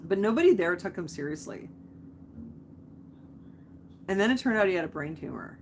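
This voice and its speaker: A woman's voice: fairly low pitch, animated, moderate pace, a little mellow, slight background noise. A young woman hosting a live stream, chatting casually, rambling off on tangents and answering viewer comments.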